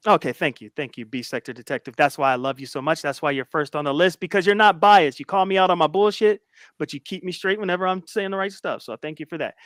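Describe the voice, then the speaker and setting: A man casually recounting an argument on a livestream, emphatic and animated as he retells it. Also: a little high, fast talker, no echo, studio quality. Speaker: YouTube commentator.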